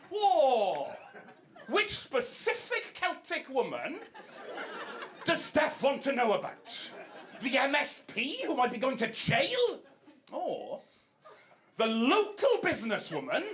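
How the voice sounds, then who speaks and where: A man's voice: extremely high pitch, fairly bright tone. A man with a Welsh accent doing wry, exasperated stand-up comedy on a club stage. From Wales. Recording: live club recording, audience noise.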